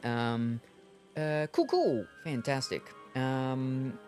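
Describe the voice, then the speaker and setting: An Australian man streams a game and chats casually, speaking very slowly in a medium-pitched, darkish voice while faint music plays behind him. He rambles and hesitates, with lots of ums and uhs.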